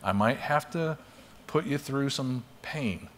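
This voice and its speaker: A man doing a brisk, caring mother. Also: medium pitch, lively intonation, a bit bright, slight background noise, voice pushed up. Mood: matter-of-fact. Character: caring, practical mother who tends injuries. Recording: long hall reverb.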